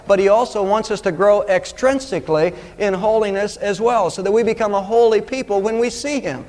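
A man preaching a sermon as pastor, earnest and emphatic, slowing down to stress key words. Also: high voice, darkish tone, big-room sound.

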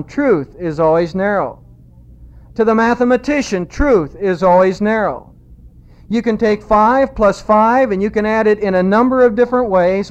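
A man with a high voice preaches a sermon and stresses each point by repeating it. He slows down for quoted verses. The recording sounds dull and lo-fi. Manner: emphatic, repeats key phrases, slows for quotes.

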